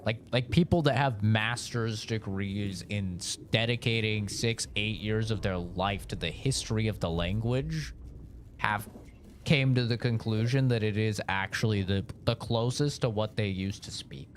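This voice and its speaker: A man's voice: fairly low pitch, unhurried, slight background noise. Rambling American man streaming. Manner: rambling, joking, swears freely. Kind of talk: casual live-stream chat.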